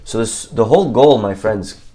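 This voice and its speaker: A man teaching a Torah class, telling a parable and acting out each character's lines with lively storytelling. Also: lowish voice, normal speed. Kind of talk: storytelling sermon.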